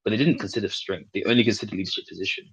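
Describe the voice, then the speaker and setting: A man's voice: on the low side, rapid-fire, a bit bright, husky, dry recording, low-quality recording. A man in a casual debate, pressing his points with pointed, challenging questions.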